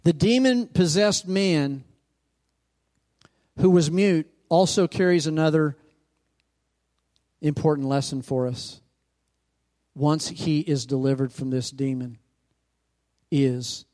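A male pastor with a slightly high, somewhat mellow voice preaches slowly, leaving long pauses. He retells scripture and calls out questions to his congregation, his emphasis rising as he goes.

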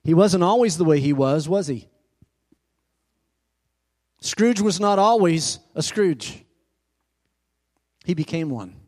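Pastor preaching, call-and-response, fairly high male voice, church sanctuary. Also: expressive, takes it slowly, long pauses, a little mellow. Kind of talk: sermon.

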